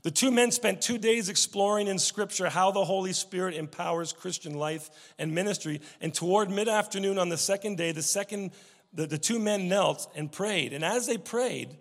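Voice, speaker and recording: A man preaching a sermon, telling stories with many restarts and swings from loud emphasis to hushed tones. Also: high voice, moderate pace, long reverb tail. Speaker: pastor.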